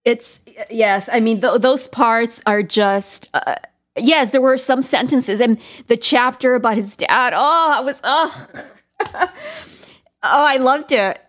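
A woman's voice: fairly high pitch, slow pace, fairly bright tone. A woman co-hosting a casual book talk, reacting with effusive emotion. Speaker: podcast co-host.

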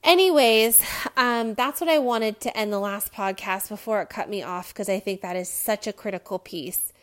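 A woman podcast host with a medium-pitched voice and moderate pace talks to her listeners in a candid, rambling personal monologue. She uses frequent fillers and laughs a little here and there.

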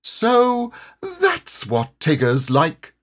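A man's voice: high-pitched, wildly swooping pitch, very slow, a bit bright, pitched above the performer's own voice, full character voice. A man voicing a bouncy, boastful young male tiger in a storybook reading. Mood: boisterous.

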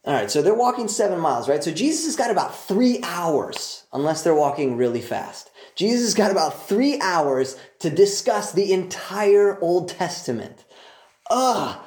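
A man's voice: high voice, very animated, moderate pace, darkish tone. A man teaching a Bible passage in a casual, enthusiastic way, full of joking asides. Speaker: preacher. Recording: roomy echo.

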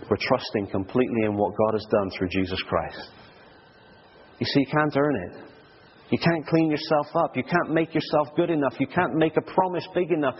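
A man's voice: mid-range voice, a little hiss or hum. A man preaching a sermon earnestly and emphatically, often restarting his words. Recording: dull lo-fi recording with long hall reverb.

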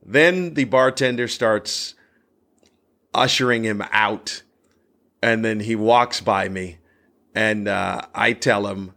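A man's voice: fairly low pitch, slow pace, long pauses, sharp tone. Comedian guy telling a story, voice jumps way up when he gets worked up. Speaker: stand-up comedian. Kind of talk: casual anecdote telling.

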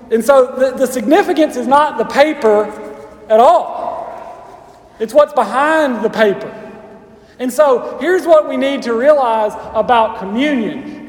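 A man's voice: very high voice, roomy sound, in a large hall. A man preaching a sermon as pastor, casual and conversational with playful asides to the congregation.

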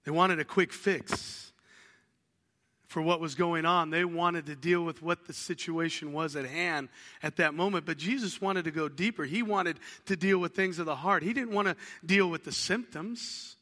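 Bright high-voiced man preaching a sermon. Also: normal speed, in a large hall. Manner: animated storytelling, acts out household dialogues. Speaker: pastor.

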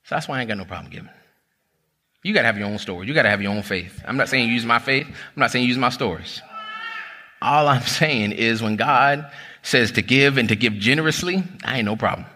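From the pulpit, a thirtysomething pastor speaks at medium pitch and a little fast, his voice very bright and ringing. Treating the congregation like friends and calling them "y'all," he alternates animated storytelling with exhortation, his words trailed by long church-hall reverb.

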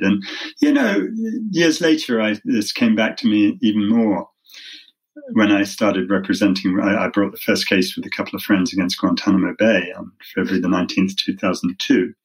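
With a deep, slightly rough voice captured on a low-quality recording, a British-accented middle-aged man of half American, half British background talks in a conversational interview. A human rights lawyer, he shares stories with a wry, self-deprecating touch.

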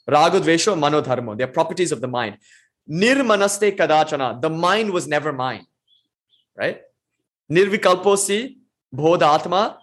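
A man teaching an online scripture class, chanting verses slowly and then explaining them in a casual way. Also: a little high. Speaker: spiritual teacher.

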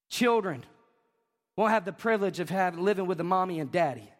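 A pastor preaches with fire, his unusually high voice climbing to shouts before dropping into easy, joking asides. The sound rings with the long reverb of a church sanctuary. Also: lively intonation, brisk. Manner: fervent, shouting at peaks, conversational asides. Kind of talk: sermon.

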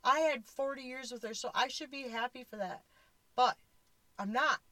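A woman's voice: sits high, moderate pace, a bit bright, no echo, low-quality recording. Tearful woman in her forties, dry sound. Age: 40s. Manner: blunt, candid, swears casually. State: tearful, voice close to crying. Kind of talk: personal storytelling.

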